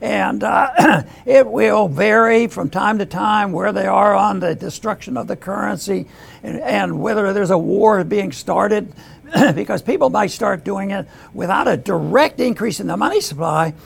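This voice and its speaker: An older man hosting an economics talk, speaking haltingly with restarts and throat clearing. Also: sits high. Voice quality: gravelly, husky. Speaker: host. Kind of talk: economics commentary.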